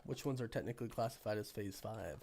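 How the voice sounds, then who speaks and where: A man with a cold, hoarse and sniffly, hosting a casual live stream and chatting with viewers while thinking aloud. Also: fairly low pitch, fast, a little mellow, slight background noise. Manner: rambling, thinking aloud with many restarts. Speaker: livestream host.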